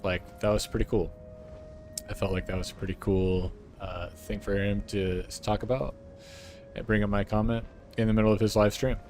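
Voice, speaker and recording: A man's voice: lowish voice, little pitch movement, moderate pace, a little mellow, soft background music. An American man streaming, chatting casually and profanely as he rambles and laughs. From United States. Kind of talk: casual chat reacting to a clip.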